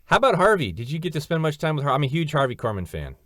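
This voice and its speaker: A man's voice: fairly high pitch, big pitch swings, very fast, a bit bright, no room sound. A man hosting a podcast, asking questions like an eager, chatty fan. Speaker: podcast host. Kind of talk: casual interview chat.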